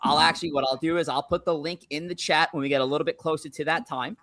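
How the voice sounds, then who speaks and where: A man's voice: on the high side, steady tone, quick pace, a bit bright, no echo. A man hosting a live sports stream, reading out news updates in an upbeat, chatty way. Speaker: stream host.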